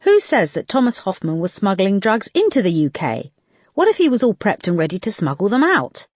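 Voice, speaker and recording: A sharp woman detective, pressing with pointed questions during a case meeting, as an audiobook narrator puts her on. The voice sits close and dry. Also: medium pitch, wildly swooping pitch, fairly quick, no room sound, voice pushed up. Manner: probing questions.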